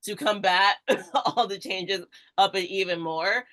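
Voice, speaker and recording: A woman's voice: medium pitch, slow, fairly bright tone. A woman strength coach and podcast guest explaining things in a casual, easygoing way, leaning heavily on "like". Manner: explains steadily, heavy use of "like". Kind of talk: casual chat.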